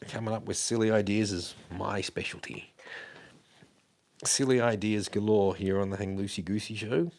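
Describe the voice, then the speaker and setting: This livestream host speaks in a lowish, darkish voice with a steady tone at normal speed. He rambles casually and swears as he fiddles with gear on a wireless mic, walking around his house and down a hallway.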